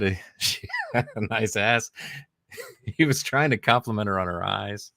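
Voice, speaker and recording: A man's voice: fairly low pitch, a little slow, vocal fry, fairly bright tone, no echo, clean studio sound. A man co-hosting a podcast, telling funny stories in casual chat and laughing often. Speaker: podcast co-host.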